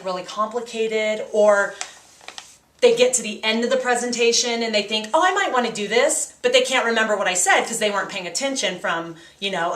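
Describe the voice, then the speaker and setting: A woman's voice: mid-range voice, a bit bright. A woman giving a casual, practical training talk to direct sales consultants, in a chatty coaching tone. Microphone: handheld camcorder. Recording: echoey room on a camcorder.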